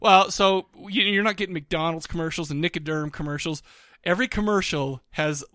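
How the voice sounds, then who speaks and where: A man co-hosting a podcast in casual chat, rambling with many restarts and fillers, excitable and quick to laugh. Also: fairly high pitch, dry recording, studio quality. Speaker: podcast co-host.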